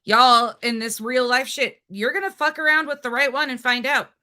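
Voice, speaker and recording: A woman's voice: high voice, a little fast, sharp tone. A woman hosting a livestream, ranting angrily and profanely at a rival and taunting her. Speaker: livestream host. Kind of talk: heated livestream rant.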